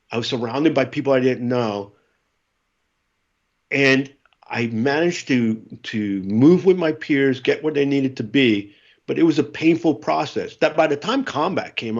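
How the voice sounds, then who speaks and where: A middle-aged man, a former Marine, telling stories in a casual interview, animated and acting out what others said. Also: mid-range voice, dull audio. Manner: animated storyteller, acts out quotes. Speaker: podcast guest, former Marine.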